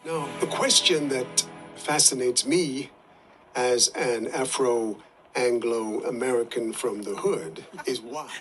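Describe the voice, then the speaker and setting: An actor playing a self-styled American visiting professor in a TV drama, with a grand, theatrical delivery. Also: male voice, medium pitch, steady tone, slow pace, fairly bright tone. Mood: pompous. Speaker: TV drama character. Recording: clip with music underneath.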